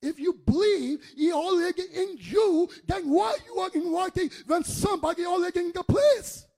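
A male preacher delivering an impassioned sermon, swinging between loud shouting and hushed, quiet speech. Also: very high voice, moderate pace, gravelly.

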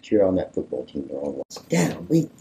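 Male pastor, husky dark voice, lively swooping delivery, leads a group sermon. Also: deep voice, brisk, poor audio. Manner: animated, coaxing, rises to emphatic peaks. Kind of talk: conversational sermon with group discussion.

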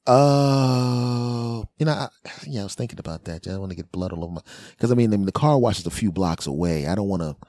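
This podcast host, a comedian with a low voice, races through a meandering comic tale, doing voices for each character with lots of animation. There's no echo on the sound.

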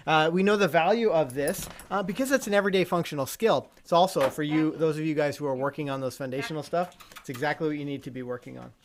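Trainer at mid pitch, casual intro voice, loose delivery with fillers. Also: fast talker, a little hiss or hum. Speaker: dog trainer. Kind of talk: casual instructional chat.

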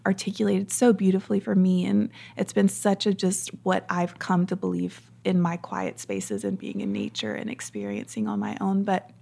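A woman's voice: medium pitch, moderate pace, creaky, few pauses, dark tone. A woman hosting a podcast, earnest and emphatic, often affirming her guest. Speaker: podcast host. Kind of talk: casual conversation.

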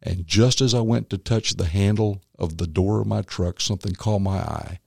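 A man, a former magician and comedian turned minister, tells his faith story as an interview guest, animated and acting out the voices of others. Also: fairly low pitch, moderate pace, creaky, slightly rough, no room sound, studio quality. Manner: animated storyteller who acts out quotes. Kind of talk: personal faith testimony in conversation.

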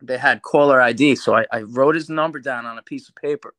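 A man from New York, a podcast guest telling a long story in casual, animated talk, swearing a lot. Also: medium pitch, brisk, no echo. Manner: animated, swears a lot, acts out quoted voices.

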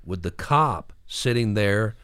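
A man's voice: lowish voice, lively intonation, takes it slowly, fairly bright tone, smooth, no echo. Southern male co-host, jokey and rambling, dry close sound. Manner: joking interjections, rambling trivia telling. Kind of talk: casual chat.

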